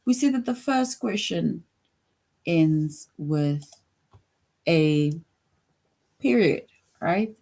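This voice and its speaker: A woman's voice: lowish voice, lively intonation, extremely slow, vocal fry, long pauses, warm tone. A woman teaching a grade school grammar lesson, patient, repeating each point and often checking in with "right?".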